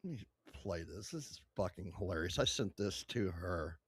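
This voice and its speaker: A man's voice: low-pitched, expressive, moderate pace, breathy edge. A man casually reacting to online clips, crude, profane and blunt. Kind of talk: casual reaction stream commentary.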